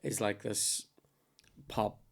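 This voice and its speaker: A man's voice: on the low side, little pitch movement, slow pace, vocal fry. Rambling, sweary man telling stories. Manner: rambling storyteller, swears freely, loses his thread. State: coughing. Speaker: podcast host. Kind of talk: casual chat.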